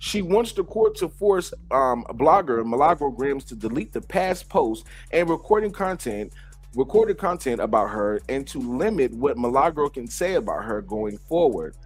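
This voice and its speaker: A man hosting casual celebrity gossip commentary, sassy and profane, jumping to sudden high exclamations. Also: big pitch swings, moderate pace, husky, faint music behind.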